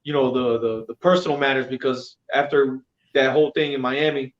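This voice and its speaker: A man telling a story in casual chat, halting and leaning on fillers. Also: mid-range voice, steady tone. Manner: halting, many "you know" fillers. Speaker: religious group member. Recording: roomy, dull sound.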